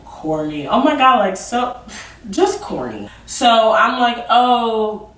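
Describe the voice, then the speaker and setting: A very animated young woman with a fairly high voice speaks slowly over a noisy background as she tells a chatty storytime vlog full of "like." She calls herself awkward and goofy, and the distant mic gives a roomy sound.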